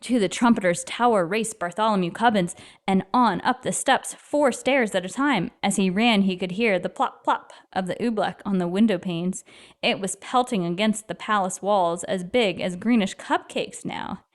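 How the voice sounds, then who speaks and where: A woman reading a children's picture book aloud in an expressive, lively storyteller manner. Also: medium pitch, normal speed.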